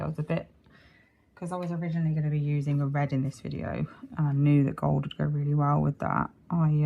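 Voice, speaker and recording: A woman's voice: sits low, vocal fry, phone-quality sound. A woman chatting casually as she talks through a nail art tutorial, rambling and correcting herself as she goes. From United Kingdom. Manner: chatty, self-interrupting, apologetic. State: hiccuping.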